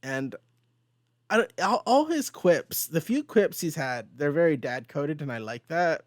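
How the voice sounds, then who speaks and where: A man's voice: on the high side, measured pace, no room sound. Man recapping comics in a dry room. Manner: animated recapping, quoting characters in passing. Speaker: host. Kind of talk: casual comic book discussion.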